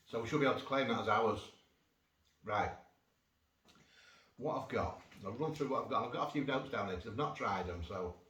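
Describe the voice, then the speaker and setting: A man's voice: lowish voice, fairly bright tone. A man chatting through a casual food vlog, rambling with jokey asides, recorded on a phone without an external mic. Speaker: food vlogger. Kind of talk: casual cheese-tasting vlog. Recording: roomy, distant phone mic, faint noise.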